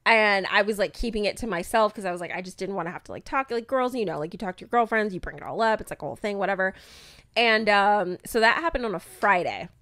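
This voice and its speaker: A young adult woman co-hosting a podcast, telling a personal story in casual chat, animated, swearing freely and full of "like" fillers. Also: mid-range voice, quick pace, no room sound, studio quality. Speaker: podcast co-host.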